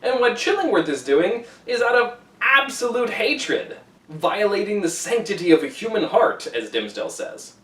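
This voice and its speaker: Lively male teacher explaining a novel. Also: high voice, moderate pace, recorded from a distance. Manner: animated, enthusiastic explainer. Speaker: English teacher. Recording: roomy echo, away from the mic.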